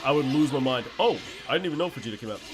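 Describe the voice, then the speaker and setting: A man streaming games, chatting casually and telling stories in a blunt, animated way. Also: medium pitch, racing, over music. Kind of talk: casual gameplay commentary.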